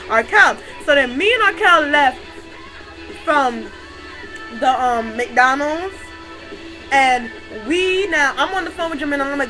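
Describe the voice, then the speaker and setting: A young woman telling a funny story to her camera in casual slang, excitable and often breaking into laughter. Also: sits high, moderate pace, faint music behind, poor audio. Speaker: vlogger.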